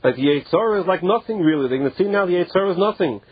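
A man teaching a Talmud class, reading phrases slowly and then explaining them casually with many "like"s. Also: high-pitched, expressive, breathy edge, no echo. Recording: muffled, dull and dry lo-fi recording.

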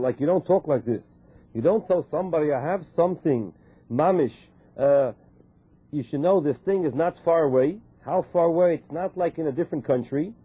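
A man with a slightly high, husky voice teaches a Torah class. He translates verses phrase by phrase and works through questions aloud. The sound is thin and tinny, like a phone line. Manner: translates verses phrase by phrase, mixing in Hebrew terms.

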